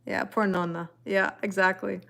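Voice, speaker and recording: A woman's voice: mid-range voice, flat delivery, moderate pace, gravelly, bright, forceful tone. A woman reading tarot live and chatting with viewers in a rambling way, laughing often. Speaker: tarot reader. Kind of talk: live-stream chat reading viewer comments.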